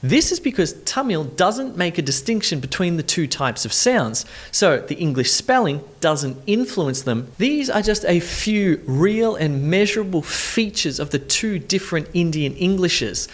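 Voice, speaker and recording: An accent coach giving a scripted explainer, talking clearly and asking the viewer questions. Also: medium pitch, sing-song, measured pace, hardly any pauses.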